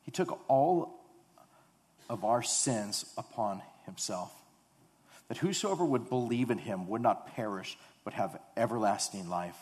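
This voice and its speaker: A male pastor preaching a sermon, swinging from loud urgent build-ups to hushed low passages, with rhetorical questions and repetition. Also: animated, a little slow. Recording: long hall reverb.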